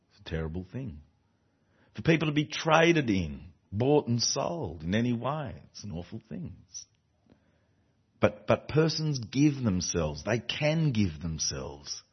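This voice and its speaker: A man delivers a sermon to a congregation in a slightly husky voice. His pitch rises and falls with lively emphasis as he repeats phrases and restarts lines. The recording is muffled and lo-fi. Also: unhurried. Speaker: preacher. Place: church before a congregation. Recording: dull lo-fi recording.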